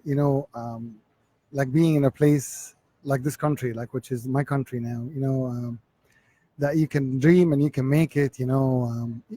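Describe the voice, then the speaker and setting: An Egyptian man in his forties, with an Egyptian accent and a mellow mid-range voice, tells his life story as an interview guest. He halts and repeats words while searching for the English.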